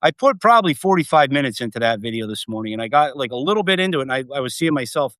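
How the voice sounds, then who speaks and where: A man hosting a casual live stream from home, talking in a rambling, excitable way, swearing freely and leaning on fillers. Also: medium pitch, racing, dry recording.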